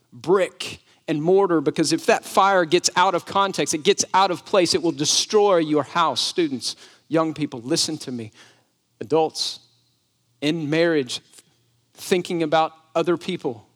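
A man preaching a sermon. His voice sits a little high for a man. He speaks emphatically and keeps asking the congregation questions. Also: fairly bright tone. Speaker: pastor.

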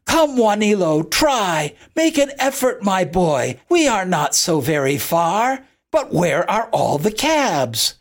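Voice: mid-range voice, big pitch swings, measured pace, husky, heavily acted. A reader voicing a kind, strong grown man. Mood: urgent. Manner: gentle and reassuring, then urgent calling. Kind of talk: storybook reading.

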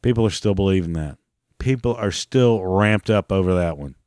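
A man in his 40s hosts a podcast, delivering a sarcastic, profane, mocking ranting monologue. His voice is low and darkish at normal speed, with clean studio sound and no echo.

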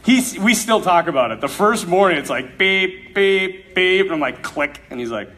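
A man telling his faith story to an audience, animated and laughing often as he acts out the dialogue. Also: sits high, moderate pace. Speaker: speaker sharing a faith testimony.

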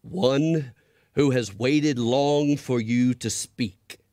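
A man voicing a huge unseen creature that speaks slowly in a deep, gentle voice, reading from a storybook. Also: no echo, clean studio sound. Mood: calm. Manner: slow, deep, measured.

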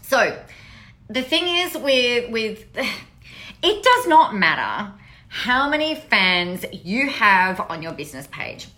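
A woman hosting a podcast, talking in a casual monologue, blunt and animated with frequent swearing. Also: on the high side, takes it slowly. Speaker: podcast host.

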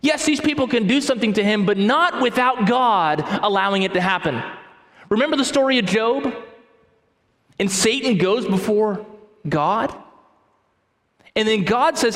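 A male pastor delivers an emphatic sermon, leaning on repeated phrases. His voice sits high for a man. The sound carries a long reverb from a large church hall. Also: expressive, moderate pace, long pauses, fairly bright tone.

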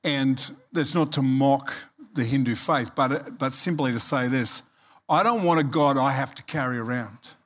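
A pastor in his sixties preaches a sermon conversationally, checking in with the congregation and slipping in humorous asides. His mid-range voice moves at normal speed with a fairly bright tone.

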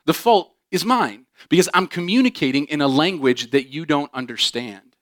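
A man preaching a sermon as pastor, animated and often acting out quoted voices with humor. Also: a little high, normal speed, no echo, studio quality.

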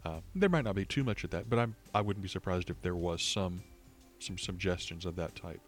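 Co-hosting a casual gaming podcast over an online call, a man thinks aloud in long, rambling turns full of restarts. His voice is low-pitched and a little fast, with soft music behind it.

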